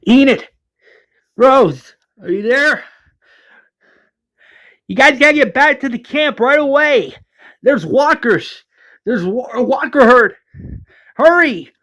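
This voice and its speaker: A man's voice: extremely high pitch, lively intonation, takes it slowly, long pauses, voice pushed up, exaggerated voice. A man doing a frantic young survivor woman. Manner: frantic, urgent shouting. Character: panicked young woman survivor shouting warnings.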